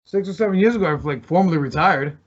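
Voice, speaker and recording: Speaking fast in a slightly high voice, a man who used to wrestle professionally swaps wild road stories as a podcast guest. He curses freely and laughs often in a casual chat, captured on a muffled, lo-fi recording.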